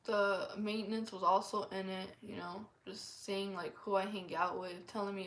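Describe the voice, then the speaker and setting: A woman's voice: medium pitch, level tone, moderate pace, hardly any pauses. A woman earnestly sharing a personal testimony in a casual, rambling way, full of "like" fillers. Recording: echoey room.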